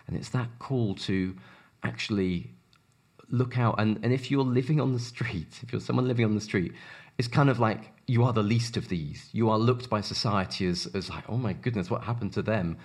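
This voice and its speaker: A man with a South African accent talks earnestly about his charity work, his voice sitting low. He is animated and keeps repeating words as he restarts his sentences. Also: normal speed. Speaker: charity worker. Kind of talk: earnest conversational interview talk.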